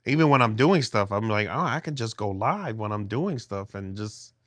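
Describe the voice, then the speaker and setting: A man's voice: on the low side, animated, normal speed, fairly bright tone, dry recording. A middle-aged man livestreaming from a phone held in his hand at home, chatting with viewers in a rambling way with many restarts. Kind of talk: casual livestream chat with viewers.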